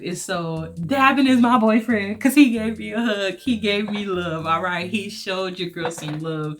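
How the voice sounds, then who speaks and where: A woman vlogger with a mid-range voice tells a story at a slightly slow pace over soft background music. She's chatty and emphatic, often speaking straight to her listeners as "y'all."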